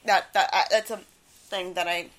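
A young woman co-hosting a casual podcast, giggling often and acting out loud quotes. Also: on the low side, moderate pace. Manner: giggly, animated, breaks into loud quoted yelling. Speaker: podcast co-host.

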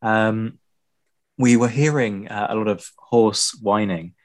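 A man's voice: lowish voice, fairly even intonation, takes it slowly. A man from southern England chatting casually and telling a story, with fillers like "you know". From Bournemouth, England. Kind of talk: casual chat.

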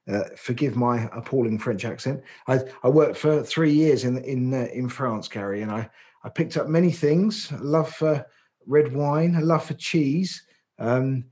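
A man co-hosting a podcast, explaining trade terms step by step in a relaxed, chatty way with frequent ums. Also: mid-range voice. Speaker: podcast co-host, driver agency office manager. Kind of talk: casual explanatory chat.

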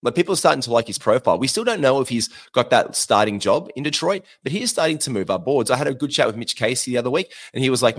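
A man's voice: medium pitch, very animated, fast talker. A young Australian man hosting a fantasy basketball podcast, giving chatty, slangy, coaching advice in a casual talk.

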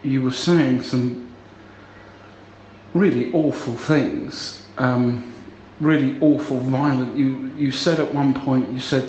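A man's voice: mid-range voice, fairly even intonation, slight background noise. Stammering man on a voicemail. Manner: halting, stammering, grows exasperated and shouting. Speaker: friend leaving voicemails. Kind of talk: comic voicemail sketch. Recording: roomy, dull recording with faint ambience.

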